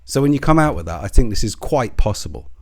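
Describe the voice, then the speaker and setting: A man's voice: mid-range voice, big pitch swings, quick pace. Scornful, swearing man. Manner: profane and scornful, lots of swearing. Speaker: commentary channel host. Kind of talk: ranting commentary.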